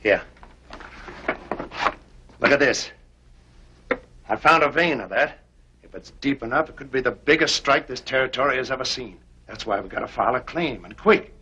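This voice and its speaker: An older actor playing a weathered, tender-hearted prospector in an old western, with folksy frontier talk. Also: male voice, medium pitch, lively intonation, normal speed, pauses often, sharp tone, slight background noise. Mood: excited. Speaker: gold prospector. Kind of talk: 1950s film acting. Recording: dull old film soundtrack with music.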